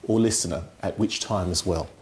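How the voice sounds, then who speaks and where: A man's voice: low-pitched, brisk, a little mellow, a little hiss or hum. Emphatic man teaching communication skills. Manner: instructive, emphatic, frequent "right?" tag questions. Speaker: communication skills guest expert. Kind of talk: explaining on a TV talk show.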